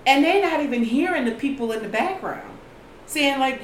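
A woman recounting a news story in casual commentary chat, animated and profane. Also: sits high, normal speed. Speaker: co-host. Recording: echoey room with faint noise.

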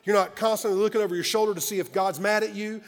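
A man preaching a sermon as pastor, emphatic and conversational, swinging from loud exclamations to quiet, earnest asides. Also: high voice, fairly even intonation, fast, long reverb tail, soft background music. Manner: conversational, confessional asides to the congregation.

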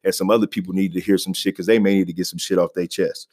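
A man hosts a casual solo podcast through a home podcast mic, speaking quickly in a low, darkish voice that barely moves in pitch. His talk is loose and conversational, full of "you know" and "man."

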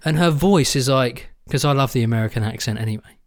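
A man's voice: medium pitch, quick pace. Joking man in podcast banter. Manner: joking, banter-heavy, calls his friend mate. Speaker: podcast co-host. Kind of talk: casual chat.

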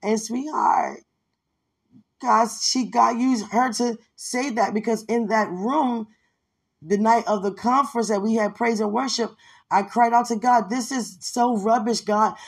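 A woman's voice: a little high, fairly even intonation, a little slow, slightly rough. A woman podcast host giving a fervent, rambling devotional testimony with many fillers.

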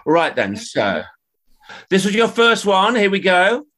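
A man with a fairly high voice hosts a podcast pub quiz. He reads the questions briskly and ribs the contestants between answers. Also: very animated, very noisy. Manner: teasing, brisk quizmaster. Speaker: quiz host. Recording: podcast with a live room audience.

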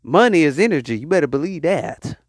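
A man preaches to his podcast audience, urging them to say it with him. His voice sits fairly high and swings widely in pitch. The recording is dry and close. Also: very animated, husky, dry recording. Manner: call-and-response exhortation, drawn-out hype. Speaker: podcast host. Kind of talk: motivational preaching monologue.

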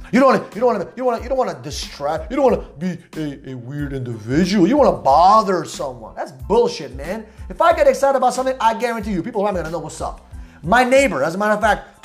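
A man hosting a motivational podcast, talking loudly and emphatically with high energy and casual slang. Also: very animated, fast talker, faint music behind. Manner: repetitive, hype-driven street slang. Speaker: podcast host.

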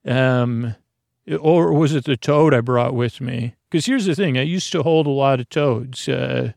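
Gravelly, soft-spoken rambling man. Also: mid-range voice, measured pace, no echo, studio quality. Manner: meandering, soft-spoken, full of restarts and asides. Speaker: sleep podcast host. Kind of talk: rambling bedtime monologue.

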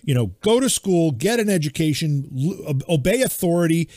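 A man's voice: fairly high pitch, expressive, a little fast, warm tone, no echo, clean studio sound. A middle-aged man co-hosting a podcast in casual chat, emphatic and teasing, laughing often. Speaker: podcast co-host.

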